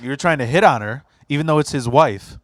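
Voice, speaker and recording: Man, podcast host, teasing storyteller, swears a lot, middle pitch, dry close sound. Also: quick pace, no room sound. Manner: laughing storyteller, profane and teasing. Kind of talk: casual chat. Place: basement.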